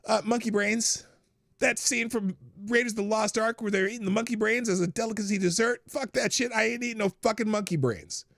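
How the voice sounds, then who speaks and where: This man's intonation is fairly even and his pace a little fast, recorded with clean studio sound and no echo. As a live stream host in casual unscripted chat, he reads viewer questions and responds bluntly and profanely with jokes, laughs at himself often, and swings between low mutters and loud outbursts.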